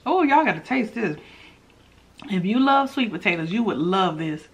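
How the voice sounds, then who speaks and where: A woman's voice: medium pitch, normal speed. A woman chatting to her viewers in a casual eating vlog, humming as she tastes and calling out to her audience. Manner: chatty and animated, savoring food with hums. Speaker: mukbang vlogger.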